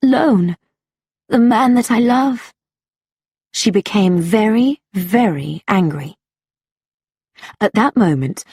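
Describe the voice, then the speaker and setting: A woman reads a story aloud for learners at a very slow, measured pace. Her voice is soft and breathy, and the recording is close and dry. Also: mid-range voice, no room sound. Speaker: narrator.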